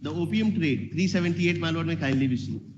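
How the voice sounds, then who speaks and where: A man, an advocate making formal, deferential submissions to a judge in a courtroom. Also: a little high. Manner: deferential, measured, says "my lord" constantly. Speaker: advocate arguing before a judge. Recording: muffled noisy courtroom audio.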